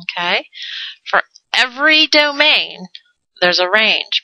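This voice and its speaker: A woman's voice: mid-range voice, a little slow, sharp tone, no room sound. A woman teaching a math lesson in a playful way, adding silly sound effects and jokes. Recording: dull lo-fi dry recording.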